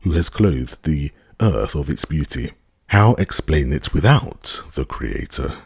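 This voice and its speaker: A man voicing a weary, good-natured little old priest who rattles off rapid routine church patter in an audiobook. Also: a bass voice, lively intonation, creaky, a little mellow, slightly rough, no room sound, studio quality, heavily acted. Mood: hurried.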